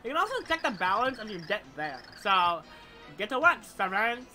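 A woman's voice: mid-range voice, sing-song, normal speed, sharp tone, faint music behind. A woman voicing a spoiled, greedy young female game villain in a haughty Valley Girl voice. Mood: bossy.

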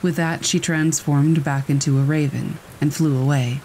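A man calmly reading a scripted scary story aloud. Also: fairly high pitch, normal speed, a little hiss or hum, low-quality recording. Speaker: story narrator. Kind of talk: scripted horror story narration.

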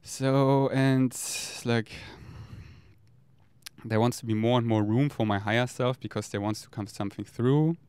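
A man rambles candidly, swearing freely as he talks. His voice is smooth and clear. It sounds dry and close, with no room echo. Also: medium pitch, fairly even intonation, a little slow, a little mellow. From Germany. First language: German. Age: 30s. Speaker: vlogger. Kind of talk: casual confessional monologue.

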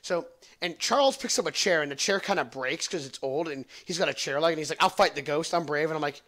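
A man's voice: fairly high pitch, quick pace, a bit bright. A young man hosting a podcast, telling a long story in a rambling, profane, joking way. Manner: rambling, profane, laughs at own jokes. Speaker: podcast host. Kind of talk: casual storytelling.

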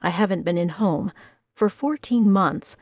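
A woman reading an audiobook voices a tender, caring young man who talks in a soft, confiding way. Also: mid-range voice, a little slow, dry recording, lightly acted. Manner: gentle, hushed and confiding. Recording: dull lo-fi dry recording.

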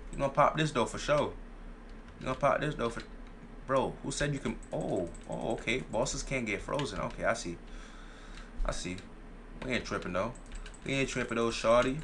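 A man's voice: mid-range voice, a bit bright, a little hiss or hum. A young man giving casual gameplay commentary, playful and boastful, full of slang and repeated phrases. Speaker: gaming YouTuber.

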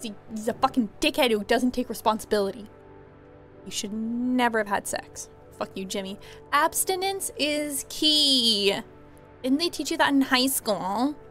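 A woman giving casual let's play commentary, chatty and laughing, often yelling profanities at characters. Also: on the high side, measured pace, faint music behind. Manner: profane, yells at game characters. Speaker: gamer.

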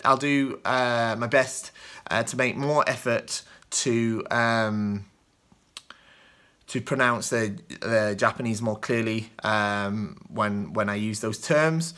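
A man's voice: mid-range voice, steady tone, measured pace, pushed and bright. A British man from the UK hosting a kendo show, answering viewer questions in loose, rambling casual chat with many ums and restarts.

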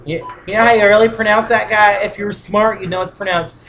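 A woman's voice: medium pitch, steady tone, a little fast, a bit bright, slight background noise, rough recording. A woman giving goofy, giggly, rambling commentary as she plays a console game at home. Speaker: gamer. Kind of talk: casual gameplay commentary.

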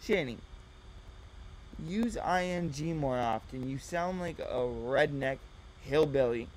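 A man's voice: medium pitch, animated, takes it slowly, darkish tone, a little hiss or hum, poor audio. A man giving mocking reaction commentary, sarcastic and exasperated.

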